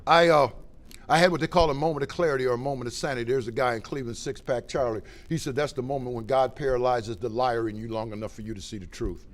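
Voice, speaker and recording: A middle-aged man speaks in a voice of ordinary pitch, telling his own story in a folksy, plain way. He swings from loud, punchy lines to low, quiet ones as he talks to a meeting. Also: fast. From Ohio. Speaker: recovery speaker. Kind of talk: personal testimony talk.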